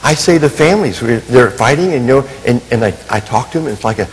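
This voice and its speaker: Lively-voiced man preaching in a hall. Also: mid-range voice, fast talker, husky. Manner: animated, self-mocking humor, acts out quotes. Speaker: Christian minister and family counselor. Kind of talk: storytelling sermon.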